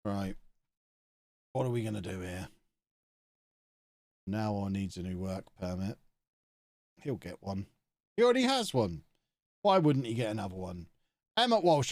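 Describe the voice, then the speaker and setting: A man's voice: lowish voice, expressive, normal speed, long pauses, a little mellow, no room sound, studio quality. A man, talking to himself in chatty commentary while streaming a video game live. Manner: chatty, thinking aloud to himself.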